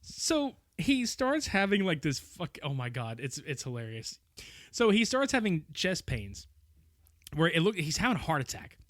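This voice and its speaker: A man's voice: a little high, normal speed, no room sound, clean studio sound. A man co-hosting a podcast, chatting casually about a cult film, laughing a lot and acting out the characters. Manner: animated, laughing, acts out movie characters in put-on voices. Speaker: podcast co-host. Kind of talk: casual film-review chat.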